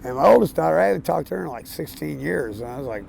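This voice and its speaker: A man of around 60 telling his life story outdoors on a city street, plain-spoken and casual, with fillers and soft chuckles. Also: on the high side, expressive, rapid-fire, gravelly, slight background noise, low-quality recording. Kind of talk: candid storytelling.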